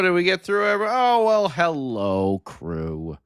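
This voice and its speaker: A man co-hosts a late-night sports podcast in an easy, joking way, calling out chat viewers one by one. He talks slowly, and his pitch rises and falls a lot. The mic sounds dry and close. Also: very animated, fairly bright tone, clean tone, dry recording. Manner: laid-back, joking, greets chat viewers by name. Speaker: podcast co-host.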